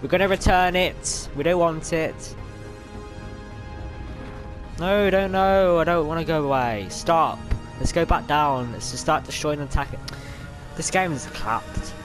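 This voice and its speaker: Excitable guy, raised voice. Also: a little high, a little slow, music in the background. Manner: excitable, yelling at other players, grumbling. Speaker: gamer. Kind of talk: live gameplay commentary. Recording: game sounds loud behind voice.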